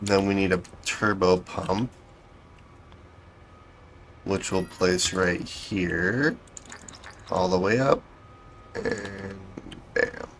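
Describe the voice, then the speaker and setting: Casting: deep-voiced male gamer thinking aloud, dry sarcasm, faint room hiss. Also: steady tone, very slow, long pauses, fairly bright tone. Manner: thinking aloud, self-correcting, dryly sarcastic. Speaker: game streamer. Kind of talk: casual gameplay commentary.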